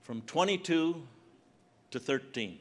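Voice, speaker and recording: An older man doing stand-up storytelling as a Christian comedian, animated and acting out voices on a large conference stage. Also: a little high, slow. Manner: animated, acts out voices and shouts punchlines.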